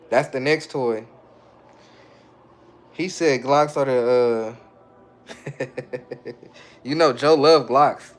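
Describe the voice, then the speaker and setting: A man streaming live and answering his viewers' chat in a relaxed, slangy way, often breaking into chuckles. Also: a little high. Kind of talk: casual livestream chat.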